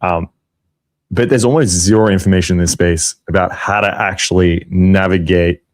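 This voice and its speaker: A man with a notably low voice talking on a podcast. He is blunt and profane, and he leans heavily on filler words as he speaks. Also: fairly even intonation, normal speed. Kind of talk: casual podcast chat.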